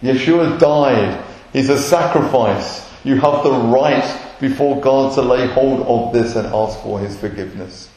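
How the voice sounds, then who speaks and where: A man's voice: mid-range voice, measured pace, a little mellow. A man, a messianic rabbi, preaching an earnest sermon and acting out short quotes. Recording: roomy echoey hall.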